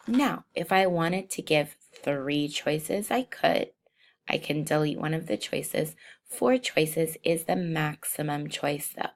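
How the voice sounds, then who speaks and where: A woman with a low, gravelly voice narrates a screencast tutorial as she demonstrates software. She moves slowly and thinks aloud, with plenty of ums between steps.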